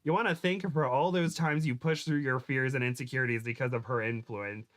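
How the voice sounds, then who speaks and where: A man hosting a comedy podcast, reading fan fiction aloud with stumbles, giggles and quick shifts into character voices. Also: medium pitch, steady tone.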